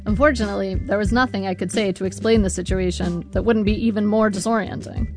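A woman's voice: medium pitch, fairly even intonation, fast talker. A woman narrating her memoir as a scripted audiobook, with a dry, wry storytelling manner. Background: faint guitar music.

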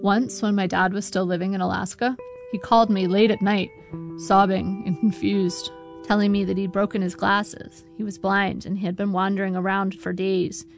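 A woman's voice: mid-range voice, flat delivery, moderate pace, creaky. A woman narrating her memoir as a scripted audiobook, with a dry, wry storytelling manner. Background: faint guitar music.

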